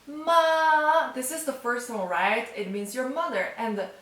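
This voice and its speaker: Recorded from a distance in a roomy space, a woman with a slightly high, a bit bright, animated voice at normal speed gives a casual online language lesson. She's friendly and chatty, frequently asking "okay?" and "right?" to check in.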